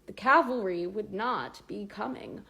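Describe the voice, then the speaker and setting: A woman's voice: medium pitch, a little slow, vocal fry, pushed and bright, breathy edge. A woman reading a novel aloud with dramatic, varied pacing. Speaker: audiobook reader. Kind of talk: expressive book narration.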